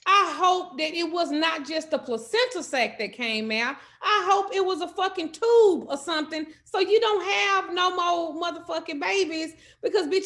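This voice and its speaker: A woman telling a comedic story in animated, loud, profane style. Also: extremely high pitch. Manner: animated, loud, cursing freely. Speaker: host.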